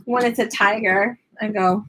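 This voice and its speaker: A young woman, an online English teacher, chatting casually from her home classroom in an animated way. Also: medium pitch, moderate pace. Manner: animated, switches into playful sing-song teaching voices. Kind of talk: casual chat.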